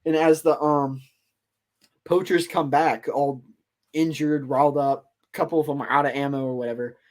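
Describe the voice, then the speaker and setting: A man's voice: a little high, fairly even intonation, normal speed, darkish tone. A man hosting a podcast, casually telling a story in a loose, rambling way full of fillers. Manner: rambling, filler-heavy retelling. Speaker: podcast host.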